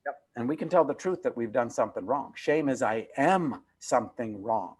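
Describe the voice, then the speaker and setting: A man's voice: mid-range voice, expressive, normal speed, husky. A man over fifty, an author being interviewed, talking in an earnest, emphatic way and repeating phrases for weight. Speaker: author and guest. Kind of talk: reflective interview talk. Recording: video call.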